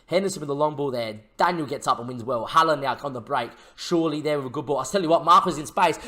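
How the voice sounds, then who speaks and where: A young man commentating his own football management game in a casual, chatty way, getting loud and excited at big chances. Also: a little high, fast, hardly any pauses. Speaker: gaming YouTuber.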